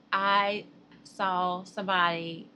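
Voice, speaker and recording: Chatty Southern woman with a bright voice. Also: medium pitch, a little hiss or hum. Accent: Southern American. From Southern United States. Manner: chatty and rambling, laughs often. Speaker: crochet vlogger. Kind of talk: casual chat to viewers.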